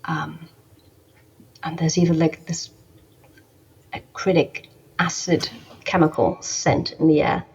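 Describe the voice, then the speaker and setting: A woman's voice: low voice, level tone, takes it slowly, pauses often, a little mellow, husky. A woman narrating as game master of a tabletop game, hesitant, with many ums and restarts. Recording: dull lo-fi recording.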